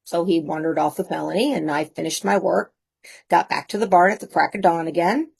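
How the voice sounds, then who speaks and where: A woman in her fifties, a guest telling lively personal anecdotes in a casual way, laughing often. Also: on the low side, a little fast, creaky, breathy edge. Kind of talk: casual storytelling.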